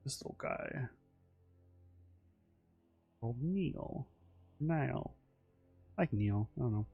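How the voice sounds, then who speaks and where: A man rambles through the plot of his own characters in a casual, offhand way, stopping and restarting sentences and swearing freely. His voice sits at an ordinary middle pitch, and soft music plays faintly underneath. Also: expressive, slow pace, creaky, breathy edge, narrow, tinny audio. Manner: meandering, full of fillers, restarts and swearing. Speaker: creator describing his original characters.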